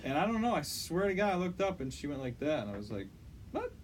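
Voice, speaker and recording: A man's voice: a little high, sing-song, fast talker, slight background noise, poor audio. A young man co-hosting a podcast, telling a rambling story in casual chat, correcting himself and swearing now and then. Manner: rambling, self-correcting, swears when retelling anger. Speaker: podcast co-host.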